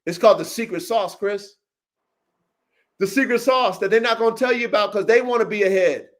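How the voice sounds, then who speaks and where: A man with a noticeably high speaking voice holds forth on a livestream podcast. He is brash and profane, boasting about his experience and hammering each point home while calling on listeners by name. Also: fairly quick. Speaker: podcast host and dog breeder. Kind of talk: casual livestream podcast rant.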